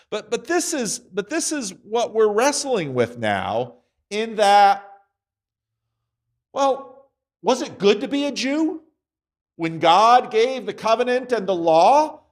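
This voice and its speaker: A man teaching a Sunday school class at church, talking conversationally and acting out little voices in his examples. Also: high-pitched.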